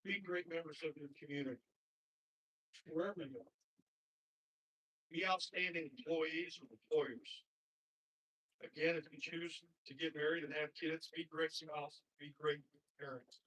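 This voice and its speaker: A man's voice: fairly high pitch, fairly even intonation, a little slow, pauses often, fairly bright tone. A man who coaches basketball giving an earnest commencement speech to graduates, repeating plain advice. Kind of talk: commencement speech with a told story. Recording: husky voice from far off the mic.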